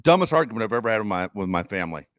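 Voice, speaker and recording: A man's voice: on the low side, sing-song, rapid-fire, no room sound. A man co-hosting a podcast in casual chat, ranting and swearing often. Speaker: podcast co-host.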